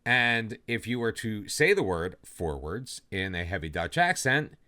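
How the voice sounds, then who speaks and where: A man's voice: fairly low pitch, unhurried. Chatty man hosting a football manager playthrough. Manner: chatty, self-deprecating, lively ups and downs. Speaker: let's play host. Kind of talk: casual gameplay commentary.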